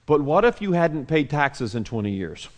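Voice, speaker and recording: Animated preacher man, slightly high voice. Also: moderate pace. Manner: animated, acts out quotes loudly then drops to soft hushed tones. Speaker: pastor. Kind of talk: sermon.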